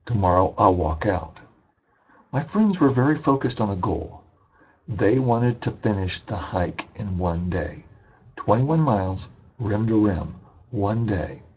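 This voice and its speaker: A man's voice: lowish voice, lively intonation, a little slow, a little mellow, slightly rough, muffled recording. A man lecturing for an online business course, telling a personal story in a conversational way and acting out the dialogue. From Indiana, USA. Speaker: business ethics instructor.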